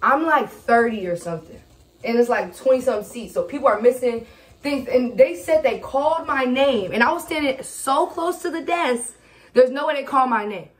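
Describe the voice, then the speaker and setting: A woman telling a story in a casual, animated vlog chat at home. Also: high-pitched, normal speed. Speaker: vlogger. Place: home kitchen.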